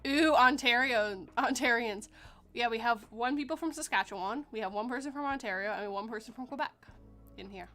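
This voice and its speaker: Bright, playful Canadian woman podcaster. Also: fairly high pitch, a little fast, faint music behind. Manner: playful, laughs often. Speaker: podcast host. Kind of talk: casual roundtable chat.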